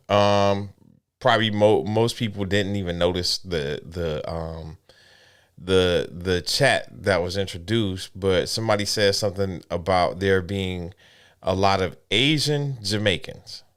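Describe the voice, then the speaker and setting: A man's voice: low-pitched, a little slow, fairly bright tone, clean tone. A man co-hosting a casual podcast chat, asking questions in a laid-back, curious way. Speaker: podcast co-host.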